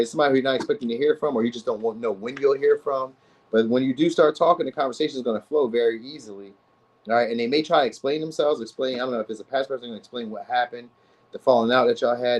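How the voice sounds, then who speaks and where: A man reads tarot cards for his viewers in a loose, slangy ramble. He talks quickly, restarts his sentences and fills the gaps with fillers. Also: mid-range voice, a little mellow, poor audio. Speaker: tarot reader. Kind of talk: casual tarot reading to viewers.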